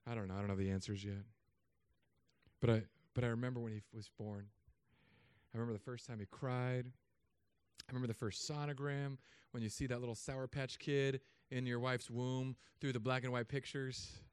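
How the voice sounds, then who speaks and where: A man in his thirties, a pastor, preaching a sermon with humor and animated storytelling asides. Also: medium pitch, normal speed, clear, resonant tone, dry recording.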